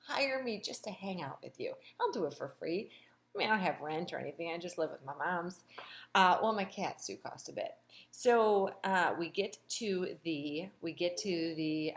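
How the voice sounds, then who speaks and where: A woman hosting a casual, gossipy recap of a reality show, sassy and animated. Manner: animated, gossipy and sassy, with big pitch swings.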